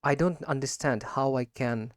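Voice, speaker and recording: A man who is not a native speaker of English, talking his way through practice questions, halting and correcting himself as he goes. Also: mid-range voice, no room sound, studio quality. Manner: halting, frequent self-corrections and repeats. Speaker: language learner practicing speaking. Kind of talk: unscripted spoken practice monologue.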